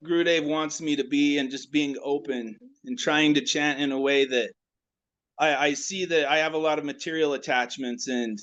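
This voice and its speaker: A man speaking on a video call, sharing personal reflections in a halting way with many restarts. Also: fairly high pitch, a bit bright, dull audio. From United States. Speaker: class participant.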